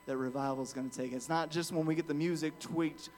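Earnest preaching man, slightly high voice. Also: fairly even intonation, fairly quick. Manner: earnest, builds from quiet storytelling to forceful preaching; frequent restarts and "amen" asides. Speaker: guest pastor. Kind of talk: sermon with storytelling.

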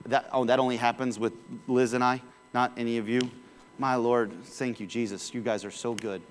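A man's voice: medium pitch, flat delivery, normal speed, big-room sound, a little hiss or hum. A male pastor preaching a sermon in a casual, conversational way, with sudden bursts of volume.

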